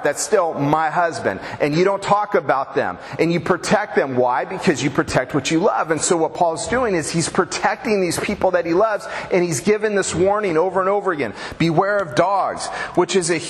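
A man preaching a sermon to his congregation in a conversational, joking way. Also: fairly high pitch. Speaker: pastor. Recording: reverberant hall, faint background noise.

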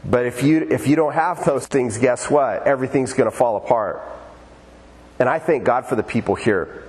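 A man pastor preaching a conversational sermon in a church sanctuary, animated and lively. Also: mid-range voice, moderate pace. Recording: church hall with long reverb.

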